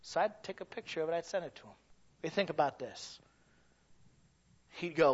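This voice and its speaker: Male preacher, high bright voice, animated folksy sermon delivery, dull lo-fi recording. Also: moderate pace, long pauses. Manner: animated, rises to shouting, folksy asides. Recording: dull lo-fi sound.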